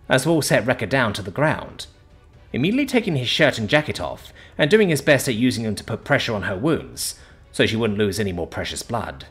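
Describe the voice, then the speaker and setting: A man reading a science fiction story aloud as narrator, in dramatic, expressive storytelling. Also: mid-range voice, husky. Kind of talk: scripted narration.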